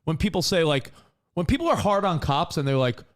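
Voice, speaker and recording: A man's voice: fairly high pitch, sing-song, fairly quick. Earnest storytelling male co-host. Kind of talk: casual radio-podcast banter.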